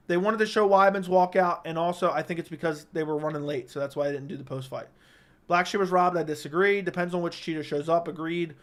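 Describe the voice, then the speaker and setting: Young male streamer, higher voice, blunt quick takes, home studio mic. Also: fairly bright tone. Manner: blunt, opinionated, quick verdicts. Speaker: livestream host reading viewer comments. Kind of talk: casual livestream chat. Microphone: studio microphone.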